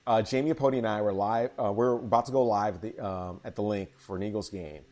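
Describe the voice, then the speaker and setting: A man from Chicago who works as a sports broadcaster, telling stories in a casual interview, animated, with many fillers and restarts. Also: on the low side, quick pace.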